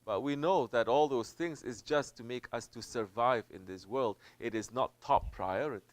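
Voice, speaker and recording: A man, a Sufi teacher, preaching a sermon in an emphatic way. He drops to low murmurs, then builds to loud, stressed peaks, and he repeats phrases for weight. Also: normal speed, no room sound. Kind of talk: sermon answering a question.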